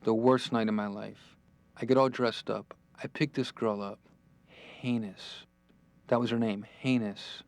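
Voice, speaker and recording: A man's voice: lowish voice, fairly even intonation. A man doing a stand-up comedy routine, telling jokes and acting out quotes from the people in them. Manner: rapid joke-telling with acted-out quotes. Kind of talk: stand-up routine within a sitcom.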